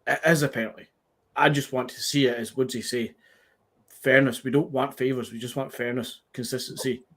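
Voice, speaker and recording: A man's voice: medium pitch, fairly even intonation, brisk, fairly bright tone. A man with a Scottish accent, earnestly making his case about a match in casual podcast chat. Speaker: podcast co-host.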